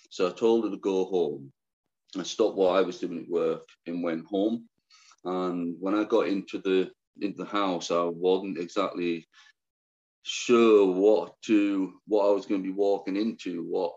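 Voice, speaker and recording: A man telling his own difficult story as an interview guest, halting, restarting often, and speaking frankly. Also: low voice, a little mellow, lo-fi sound. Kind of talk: candid personal storytelling.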